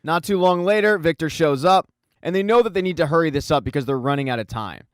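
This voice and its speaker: A man, host of a recap channel, narrating a plot summary in a brisk, storytelling manner with casual asides. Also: on the high side, no room sound.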